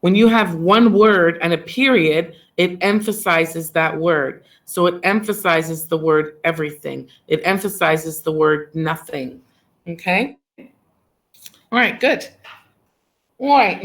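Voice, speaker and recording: Encouraging woman teacher quizzing her class. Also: on the low side. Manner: questioning, praising answers and repeating them back. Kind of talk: leading a class discussion on poetry.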